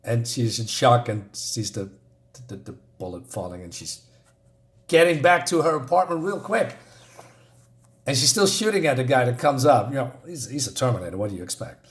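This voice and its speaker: A man's voice: medium pitch, expressive, moderate pace. Hesitant man casually reviewing a comic. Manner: hesitant, many fillers and restarts; enthusiastic about the art and pace.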